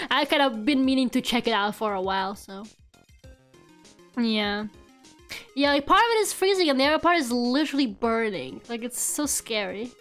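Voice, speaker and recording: A young woman VTuber chats on stream in a fairly high, fairly bright voice with lively intonation, normal speed, and long pauses. She giggles and swears occasionally as game music plays faintly behind her.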